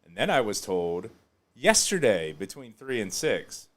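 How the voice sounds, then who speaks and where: A man hosting a podcast, chatting casually and joking, often breaking into loud laughter. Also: on the low side, measured pace. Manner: animated, joking, laughs loudly. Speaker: podcast host.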